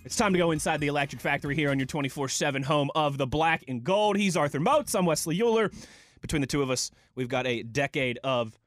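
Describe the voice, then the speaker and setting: A young man co-hosting a sports radio show in a studio, energetic and playful, stretching words for effect. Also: fairly high pitch, fast, no echo, faint music behind. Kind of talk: upbeat sports talk radio.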